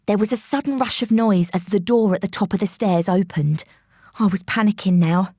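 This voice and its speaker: A woman's voice: mid-range voice, moderate pace, mellow, husky, no room sound, clean studio sound. A woman narrating an audiobook in a tense, suspenseful storytelling voice. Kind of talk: scripted narration.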